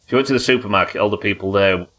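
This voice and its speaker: Racing along with a sharp tone, a man gives live commentary on the game he's streaming. He keeps it loose and jokey, swears freely, and lets out high yelps during tense fights.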